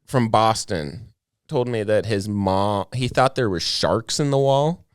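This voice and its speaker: A man's voice: on the low side, a little slow, clear, resonant tone, no room sound, studio quality. A man hosting a casual chat as a comedian, rambling and laid-back, with lots of fillers and swearing. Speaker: comedian podcast host.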